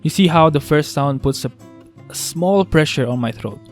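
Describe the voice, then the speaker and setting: A man teaching a beatbox vocal technique in a casual tutorial, talking haltingly with restarts as he works out how to explain it. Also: fairly high pitch, expressive, faint music behind. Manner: halting, restarts, thinks aloud.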